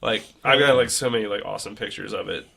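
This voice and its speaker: A man's voice: lowish voice, fast talker, vocal fry, a bit bright, slightly rough. A young man co-hosting a casual podcast, telling a rambling travel story full of fillers. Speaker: podcast co-host. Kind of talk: casual chat.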